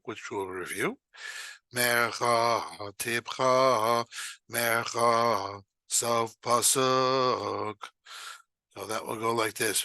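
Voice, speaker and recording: A man teaching bar mitzvah students to chant, explaining each note patiently and then singing the phrases slowly. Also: fairly low pitch, pushed and bright, no echo. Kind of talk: recorded lesson, chanting examples.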